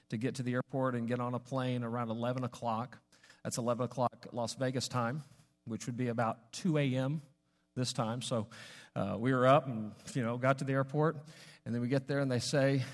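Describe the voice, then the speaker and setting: Pastor preaching in a reverberant hall. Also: male voice, mid-range voice. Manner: conversational storytelling with asides and restarts. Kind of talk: sermon. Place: church sanctuary. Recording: long reverb of a large hall.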